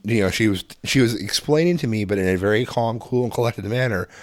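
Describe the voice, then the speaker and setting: A man's voice: on the low side, fast talker, dry recording, studio quality. A man in his thirties chatting on a podcast, rambling and restarting his sentences with a chuckle. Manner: rambling, self-correcting, chuckling. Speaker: podcast co-host. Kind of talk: casual chat.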